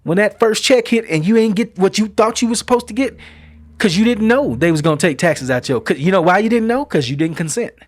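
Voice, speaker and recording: A middle-aged male host holds forth in an opinion monologue, firing off rhetorical questions in casual, folksy speech. His voice sits a bit high for a man, and the recording is close and dry with no room sound. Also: expressive, brisk, no room sound. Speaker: show host.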